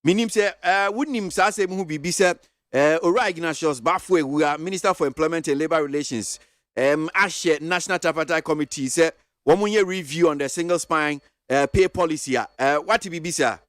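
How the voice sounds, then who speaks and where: A Ghanaian man hosts a radio talk show and puts quick questions in Twi laced with English. His voice sits fairly high. The studio sound is dry and close. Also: fairly bright tone, no echo. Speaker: radio host.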